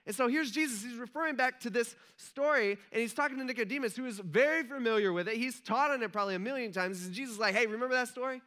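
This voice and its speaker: A male pastor with a high-pitched, bright, forceful voice tells a story from the pulpit. His delivery is loose and chatty, and he slips into quick acted-out lines of dialogue. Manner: conversational, chatty, acts out quotes, frequent "like". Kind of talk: casual storytelling sermon.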